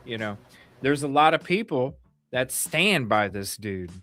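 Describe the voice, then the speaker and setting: A man's voice: mid-range voice, big pitch swings, unhurried, a bit bright, no echo. Blunt, swearing man hosting a talk show. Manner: blunt and opinionated, swears casually; rambling with frequent restarts. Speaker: podcast co-host. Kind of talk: casual true-crime talk show chat.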